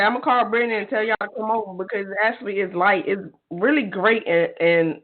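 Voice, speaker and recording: Brief: gushing, teasing woman podcast co-host, fairly low for a woman, thin phone-line audio. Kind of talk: casual chat. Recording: tinny phone-line sound.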